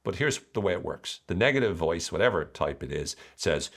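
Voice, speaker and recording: A man hosting a motivational podcast, talking in a playful, animated way and acting out voices. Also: sits low, brisk. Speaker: podcast host.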